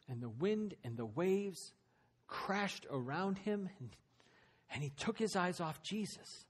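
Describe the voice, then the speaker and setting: A man's voice: fairly high pitch, lively intonation, measured pace, breathy edge. A man preaching a sermon, retelling a story dramatically with voiced quotes.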